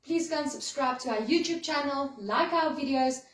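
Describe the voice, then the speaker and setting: A woman's voice: high-pitched, normal speed. A woman schoolteacher, giving a recorded lesson to her pupils in a friendly way and acting out examples. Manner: friendly, explains with acted-out examples. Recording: echoey room, voice a bit far from mic.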